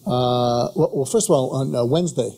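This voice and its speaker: A man speaking as a radio show guest, soothing and calm, often halting and restarting his sentences. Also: mid-range voice, gravelly. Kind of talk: casual radio interview. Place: radio studio.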